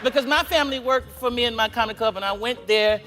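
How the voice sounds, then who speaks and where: A man telling comic stories, laughing and leaping into high voices when he quotes people. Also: fast, over music. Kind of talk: animated anecdotes with acted-out quotes.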